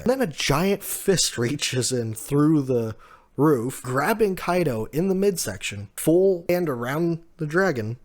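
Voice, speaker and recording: A man giving a casual recap of a manga chapter, walking through the panels and laughing often. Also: mid-range voice. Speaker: manga reviewer.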